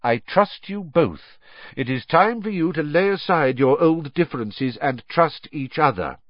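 Brief: a man doing a calm old wizard headmaster for an audiobook, measured and raised in pitch, dry and lo-fi. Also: no room sound. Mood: grave. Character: wise old male headmaster, calm, commanding. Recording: dull lo-fi recording.

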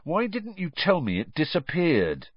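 A man's voice: a little high, wildly swooping pitch, unhurried, husky, dry recording, lo-fi sound, voice pushed up, full character voice. A man voicing a gloomy, touchy teenage boy in an audiobook. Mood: aggrieved.

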